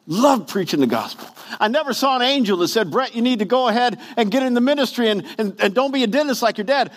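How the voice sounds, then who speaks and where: Man preaching, high voice, pitch all over the place, theatrical delivery. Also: fast talker. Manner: animated preaching with wide pitch swings, acting out quotes. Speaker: pastor. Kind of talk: sermon.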